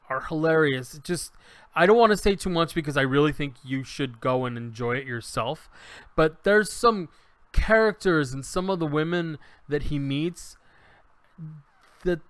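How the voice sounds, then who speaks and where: Man, podcast co-host, animated storyteller, smooth clear voice, slightly raised pitch. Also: dry recording. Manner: animated storyteller, acts out quotes, many restarts. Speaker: podcast co-host reviewing a show. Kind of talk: casual chat.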